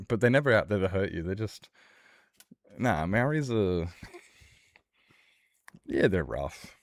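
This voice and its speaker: A man's voice: sits low, no room sound, clean studio sound. A young man streaming a game, chatting casually with chat in a rambling, blunt way and swearing freely. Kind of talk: casual chat while gaming.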